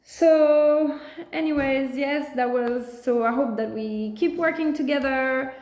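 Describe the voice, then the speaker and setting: A woman with a fairly high voice talks passionately and casually to her camera, stopping often to act out what others say. Her voice rings in an echoey room. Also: unhurried. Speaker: video creator.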